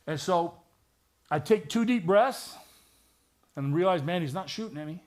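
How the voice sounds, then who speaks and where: A man's voice: high-pitched, animated, moderate pace, a little mellow. A middle-aged man, a retired police detective, giving a vivid personal testimony in a church with touches of wry humor.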